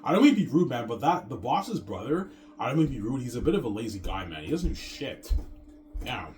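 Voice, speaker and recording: A man's voice: medium pitch, sing-song, fairly quick, darkish tone, faint music behind. A man in a casual rant to his viewers, rambling and stammering, repeating the same filler words and swearing often. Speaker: vlogger.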